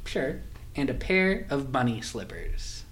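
A woman's voice: very deep voice, sing-song, slow, slight background noise. A woman co-hosting a comedy podcast, chatting casually and teasing her co-host with quiz questions. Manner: teasing, playful quizzing.

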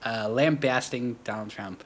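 A man's voice: mid-range voice, slight background noise. A man co-hosting a podcast, joking and mocking in casual chat. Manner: lively and joking, quick to mock. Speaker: podcast co-host.

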